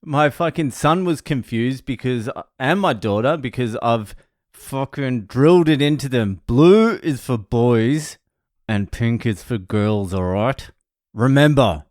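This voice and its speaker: A man's voice: mid-range voice, dry recording, clean studio sound. A man, a stand-up comedian, telling rambling, profane anecdotes in a casual vlog. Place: home in Australia.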